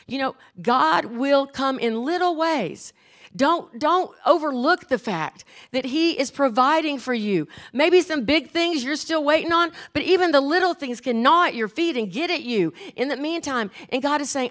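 An older woman preaching a sermon in church, earnest and emphatic, slowing down and repeating key phrases. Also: on the high side.

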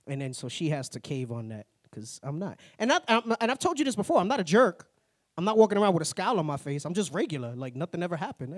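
A man teaching a Bible class in a plain-spoken, conversational way, tagging his points with a quick "right?". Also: fairly high pitch, expressive, dry recording, studio quality. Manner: tags nearly every point with "right?"; plain-spoken, slangy asides.

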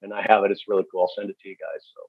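A man speaking as a podcast guest, telling stories in a candid, halting way with many fillers. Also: deep voice, steady tone, slightly rough, no room sound. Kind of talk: storytelling interview. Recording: dull, dry lo-fi recording.

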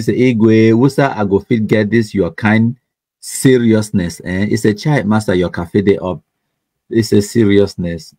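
A livestream host speaking with a Cameroonian Pidgin English accent has a fairly low, darkish voice with no room sound. He reads viewer comments aloud in a chatty, mocking manner, laughing often and repeating words.

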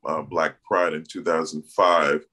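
Very deep-voiced man on a panel. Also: little pitch movement, pushed and bright. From Miami, Florida. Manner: measured, with frequent "um" pauses. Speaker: panelist, community organizer. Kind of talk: panel discussion.

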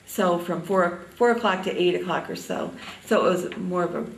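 An older woman from Indiana reminiscing in an oral history interview, halting often with ums. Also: on the low side, reverberant, distant mic, low-quality recording.

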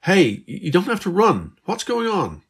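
A man voicing a stubborn, curious teenage girl who keeps asking questions, in a husky voice. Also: high voice, huge pitch swings, normal speed, pitched above the performer's own voice, heavily acted. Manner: pushy, questioning.

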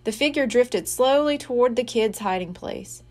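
A woman reading a children's mystery book aloud, slowly and expressively. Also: a little high. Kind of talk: read-aloud storybook narration.

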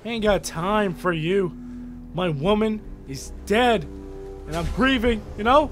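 A young man hosting a let's play, reacting out loud with lots of swearing and animated outbursts. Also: high-pitched, takes it slowly, faint music behind. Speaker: gaming video host.

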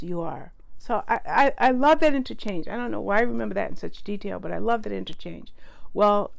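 A woman's voice: mid-range voice, gravelly. A woman giving a casual spoken book review, chatty and prone to correcting herself and wandering into asides.

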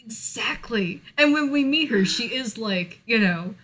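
A slightly high, somewhat bright American woman speaks in an animated but unhurried way. She co-hosts a relaxed podcast conversation, full of fillers and frequent laughs.

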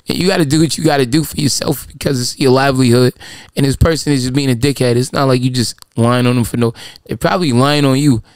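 A man's voice: medium pitch, clear, resonant tone, no echo. Blunt, profane New man, dry sound. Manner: blunt, profane, storytelling with quoted voices. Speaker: podcast host. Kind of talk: casual advice chat.

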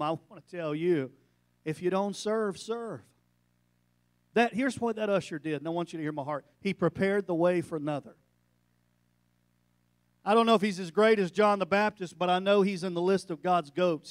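Male preacher, slightly high-pitched, dry close recording, sermon storytelling with emphatic peaks. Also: no echo. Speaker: pastor. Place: church sanctuary.

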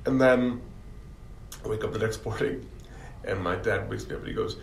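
A man chatting casually, telling relaxed anecdotes. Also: mid-range voice, moderate pace, vocal fry, pauses often, far from the mic. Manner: relaxed, storytelling, animated. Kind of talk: casual chat. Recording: roomy audio from off-mic with faint background hum.

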